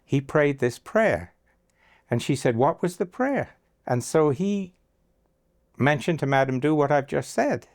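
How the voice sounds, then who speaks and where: A man's voice: a little high, animated, measured pace, long pauses, a little mellow. An older man telling stories in an interview, acting out the lines of the people in them. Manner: anecdotal, acts out quoted dialogue. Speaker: interviewee, agency founder. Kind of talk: storytelling interview.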